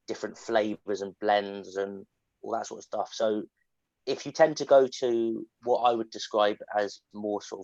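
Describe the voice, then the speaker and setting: A man's voice: low-pitched, vocal fry, a little mellow, no room sound. An English man with a standard southern English accent, casually answering questions and explaining with fillers and restarts. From England. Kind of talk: casual online Q&A. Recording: dull lo-fi call audio.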